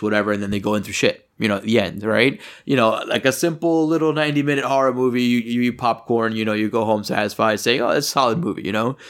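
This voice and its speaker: A man co-hosting a podcast, chatting casually about a film, rambling and swearing and getting animated when something annoys him. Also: lowish voice. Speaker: podcast co-host. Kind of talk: casual movie review chat.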